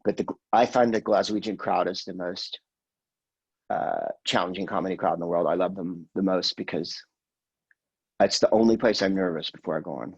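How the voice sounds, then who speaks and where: A man's voice: low voice, moderate pace, vocal fry, husky, highs cut off. A man in his sixties, a guest comedian, telling rambling, profane stories in casual podcast chat and slipping into quoted voices. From California, USA.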